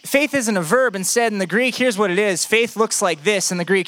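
A man's voice: sits high, a little fast, few pauses. A young man preaching a sermon, speaking straight to the congregation with joking asides and acting out imagined prayers. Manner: animated, acts out imagined prayers and quotes.

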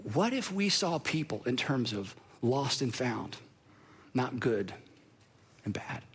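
A man's voice: mid-range voice, sing-song, slow, a little hiss or hum. A male pastor preaching a sermon in a conversational, playful way, with asides to the congregation.

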